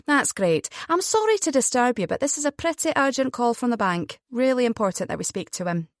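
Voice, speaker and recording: A woman doing a bright young Edinburgh bank man. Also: a little high, very animated, fairly quick, no echo, clean studio sound, pitched above the performer's own voice. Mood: bright polite. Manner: bright, eager, courteous. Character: young Scottish bank man, cheerful and polite.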